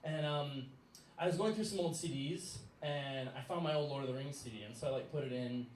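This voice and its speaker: A man's voice: medium pitch, brisk, a little mellow, a little hiss or hum. Man telling a story on a live stage. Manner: casual, laughing, with many fillers. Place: stage in a small venue. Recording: echoey room from far off.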